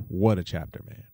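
A man hosting a podcast, giving casual, slangy commentary that swings into animated rants. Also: slight background noise. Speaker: podcast host.

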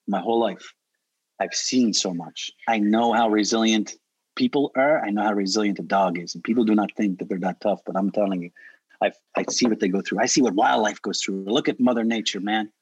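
Earnest canadian guy, husky voice, dull dry recording, keeps restarting. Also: on the low side, fairly quick, dry recording. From Prince Edward Island, Canada. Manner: earnest, restarts often, emphatic. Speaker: dog trainer and guest. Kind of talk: casual interview talk.

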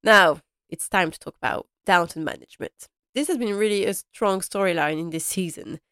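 A woman's voice: medium pitch, normal speed, a bit bright, clear, resonant tone, no echo, studio quality. A woman casually recapping a period drama episode, gushing and rambling with lots of fillers. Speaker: podcast host.

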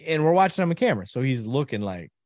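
Animated middle-aged male storyteller, dry close mic. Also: fast talker, no echo. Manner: animated storyteller, acts out quotes with pitch jumps and trailing restarts. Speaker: podcast guest. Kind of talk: casual storytelling.

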